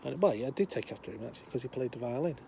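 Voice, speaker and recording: An older man rambles through a joke outdoors, his voice lively and rising and falling as he goes. He talks in a chatty, meandering way with plenty of fillers. Faint traffic hums behind him. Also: mid-range voice, very fast, vocal fry. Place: outdoors, windy.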